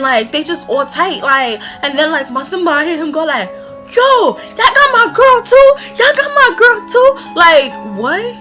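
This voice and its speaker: A young woman from New tells a story to her camera in a high, sharp, bright voice. Her New carries a slangy, animated delivery. She leans on "like" as a filler in almost every phrase. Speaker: vlogger. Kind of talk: storytime vlog.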